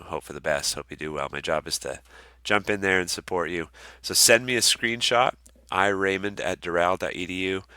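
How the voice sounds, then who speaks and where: An online course is guided by a young man whose voice is very low yet bright at the edges, recorded close and dry on a computer mic without echo. His walkthrough is laid-back, dotted with ums and uhs and friendly side comments.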